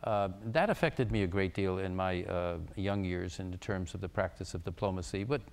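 An older man moderating a panel conversation, formal and measured with frequent hesitations. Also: deep voice, in a large hall. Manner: measured, formal, with many uhs. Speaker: moderator, former ambassador.

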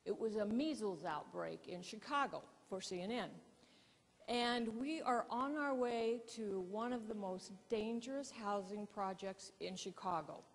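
A woman keynote speaker and presentation coach, telling a story to an audience in a lively, animated way. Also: mid-range voice, measured pace, big-room sound.

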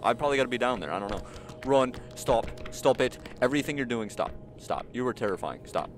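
A man's voice: mid-range voice, animated, fast talker. A man doing horror game commentary, jumpy and panicky, pleading with and talking back to the monster chasing him. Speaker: gaming channel host. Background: game music.

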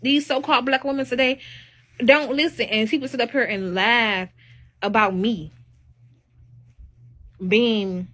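A woman's voice: fairly high pitch, fairly even intonation, unhurried, long pauses, a bit bright. A woman hosting a live stream, talking in a casual, opinionated monologue that is emphatic and preachy, with rising exclamations.

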